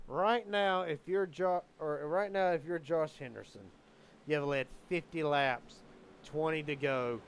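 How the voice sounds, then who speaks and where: A man calling a live sim race as commentator, excitable and quickening with the action. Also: a little high, noisy background.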